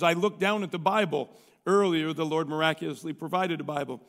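A male pastor preaches in a folksy, conversational way, pausing now and then to clear his throat as he reads a story aloud. His voice sits high and has a gravelly, fry-tinged edge. The sound carries a long reverb, as in a large hall. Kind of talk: sermon with read-aloud story.

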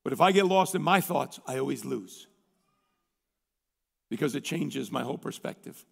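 A male pastor preaching a sermon in a conversational, folksy way, reading a story aloud and often clearing his throat. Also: mid-range voice, expressive, moderate pace, in a large hall.

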